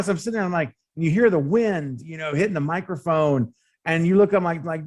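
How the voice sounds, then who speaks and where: A man appearing as a podcast guest in a casual film discussion, telling stories in an animated, drawn-out way. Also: a little high.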